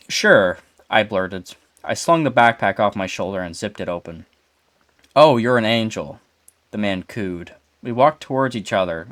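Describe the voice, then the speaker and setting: A man with a fairly low voice reads a horror story in a relaxed, unpolished way. He trips over words now and then and stops to ask about them. The recording is close and dry. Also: no echo. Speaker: story reader. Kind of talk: casual story reading with banter.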